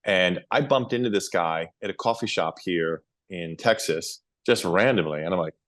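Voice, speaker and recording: A middle-aged man, a podcast guest, telling long rambling stories in a casual, animated way. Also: low-pitched, moderate pace, no echo, clean studio sound. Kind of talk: casual interview storytelling.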